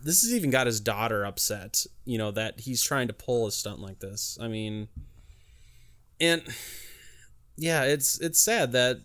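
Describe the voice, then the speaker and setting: A man hosting a loose, casual podcast chat, his pitch swinging widely as he talks. He is blunt and swears freely, and he often trips and restarts mid-sentence. His voice sits at an ordinary middle pitch. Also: animated, measured pace, a bit bright. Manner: blunt and profane, frequent restarts. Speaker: podcast host.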